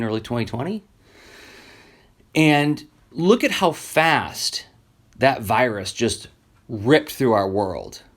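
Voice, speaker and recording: Earnest rambling man in his forties. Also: medium pitch. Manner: earnest, rambling, with many "like" fillers and restarts. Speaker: comic creator and podcast host. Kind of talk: reflective solo podcast monologue.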